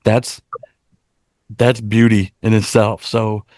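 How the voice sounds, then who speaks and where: A man's voice: fairly low pitch, level tone, slow pace, darkish tone, dry recording, clean studio sound. A man co-hosting a casual roundtable podcast, speaking in an earnest, heartfelt way with frequent restarts.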